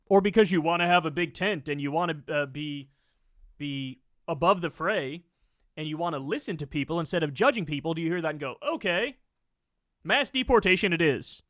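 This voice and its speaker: A man's voice: fairly high pitch, brisk, a bit bright, no room sound, studio quality. A man hosting political commentary, ranting angrily with lots of swearing. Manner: angry, profane ranting.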